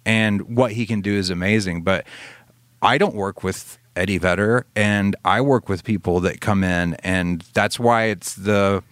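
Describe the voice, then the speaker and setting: Man, low voice, rambling casual talk, dry close sound, swears now and then. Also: unhurried, fairly bright tone, dry recording. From Alabama, US Southern. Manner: rambling, swears casually, trails off mid-sentence. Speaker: podcast co-host, studio producer. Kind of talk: casual chat.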